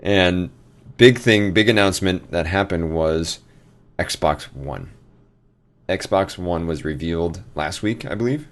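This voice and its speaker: A man's voice: deep voice, slow. A man co-hosting a casual show, talking in teasing, joking banter. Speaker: co-host. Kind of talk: casual chat.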